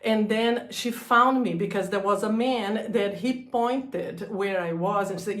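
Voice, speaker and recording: A woman telling a personal story about a breakdown, halting and emotional, laughing through hard memories. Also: mid-range voice, reverberant. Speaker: energy healer sharing her story.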